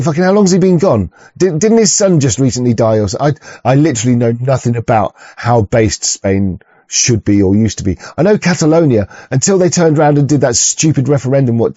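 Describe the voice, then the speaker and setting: A man's voice: mid-range voice, dark tone, no room sound, muffled recording. A man who rants through a video reaction, swearing and stumbling over his words. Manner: profane, stammering, rambling rant. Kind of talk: ranting reaction commentary.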